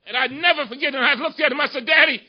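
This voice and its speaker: Male politician, very high-pitched, emphatic speech with an oratorical cadence, muffled lo-fi sound. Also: rapid-fire. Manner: emphatic oratorical cadence, repeats lines for effect. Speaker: congressman giving a speech. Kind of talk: impassioned speech to a union audience. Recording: muffled lo-fi recording.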